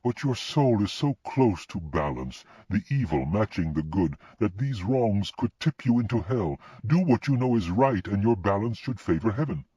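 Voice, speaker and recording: A man's voice: lowish voice, animated, normal speed, few pauses, mellow, husky, no echo, voice pushed up. A man voicing an earnest, urgent Death. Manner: earnest and pleading. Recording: dull lo-fi recording.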